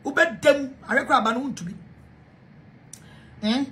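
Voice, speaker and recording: A Ghanaian woman with a Ghanaian accent fires off a heated, repetitive rant, jumping between English and Twi. Her voice sits on the high side. A faint hiss of noise runs under the recording. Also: measured pace, fairly bright tone. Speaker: self-styled preacher. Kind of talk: angry rant to camera.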